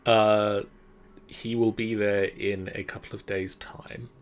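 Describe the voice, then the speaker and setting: A man runs a tabletop game in a dry, laid-back voice. His pitch sits fairly low, and he speaks slowly with small pauses. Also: little pitch movement. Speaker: game master.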